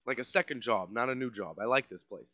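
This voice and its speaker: A man with a New York accent doing a comedic rant as a podcast host, sarcastic and mocking, his voice swinging between loud outbursts and mutters. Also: mid-range voice, quick pace, dry recording, lo-fi sound. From Staten Island, New York.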